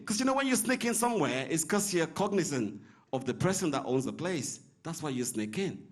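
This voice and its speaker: A man's voice: fairly high pitch, big pitch swings, brisk. A man from Nigeria performing a stand-up comedy set on stage in a comedy club, teasing the crowd.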